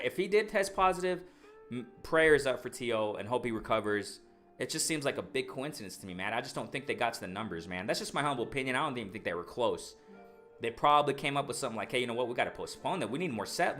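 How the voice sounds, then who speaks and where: An excitable man hosts a live boxing stream, talking at a middle pitch. He reads viewer comments aloud, repeats himself and piles on his reactions. Faint music plays underneath him. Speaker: boxing livestream host. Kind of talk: live chat reading and commentary.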